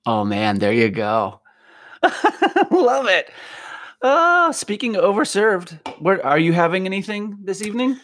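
Animated, laughing man chatting. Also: sits high, a little slow, dry recording. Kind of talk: casual chat.

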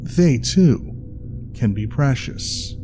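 A man narrating a dark tale in a measured, dramatic scripted reading. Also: medium pitch, animated, music in the background.

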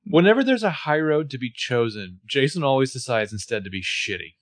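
A man's voice: mid-range voice, lively intonation, brisk. A man co-hosting a podcast, chatting casually through a TV episode recap with playful asides. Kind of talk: casual chat.

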